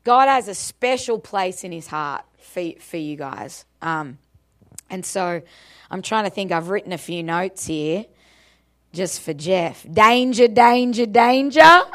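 A woman with an Australian accent, speaking as a guest speaker at church in a bubbly, chatty way that often breaks into laughter. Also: lowish voice. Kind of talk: church talk to a congregation.

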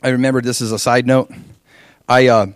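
A man from Hawaii preaching, telling his own testimony with animated storytelling and frequent rhetorical questions. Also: mid-range voice, brisk, clear, resonant tone, dry recording, studio quality. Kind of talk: testimony sermon.

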